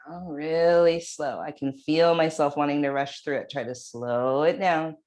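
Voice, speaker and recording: A woman with a low, deep voice guides a yoga flow at an unhurried pace. Her cues are calm and measured, spaced out between movements. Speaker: yoga instructor. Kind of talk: guided exercise instruction.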